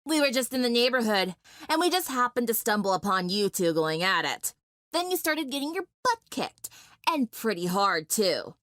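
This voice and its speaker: A woman voicing a cocky teenage girl gang leader with a slow, taunting drawl. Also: medium pitch, wildly swooping pitch, fairly bright tone, no room sound, studio quality. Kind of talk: dramatic fan fiction reading.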